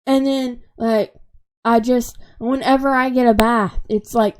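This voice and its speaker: A woman's voice: on the high side, steady tone, normal speed, darkish tone. Young woman venting in a rambling way. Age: 20s. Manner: rambling, heavy use of "like" fillers; upset, sarcastic, frustrated. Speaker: vlogger. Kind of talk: unscripted emotional venting.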